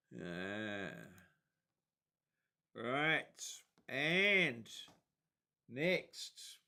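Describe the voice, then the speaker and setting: Slow, chuckling man host, bright tone. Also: a little high, gravelly. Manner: chuckling, relaxed, amused. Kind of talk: casual commentary on social media posts.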